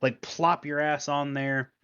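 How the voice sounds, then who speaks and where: A man's voice: on the high side, flat delivery, slow, bright, forceful tone, clean tone. A man narrating as game master in a tabletop game, laughing and cursing casually. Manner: laughing, loose, profane narration. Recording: dull lo-fi audio.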